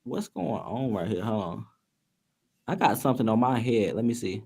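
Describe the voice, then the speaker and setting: A man hosting a casual talk show, animated and joking, pleading with his audience. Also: on the low side, normal speed, gravelly, husky. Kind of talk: casual chat.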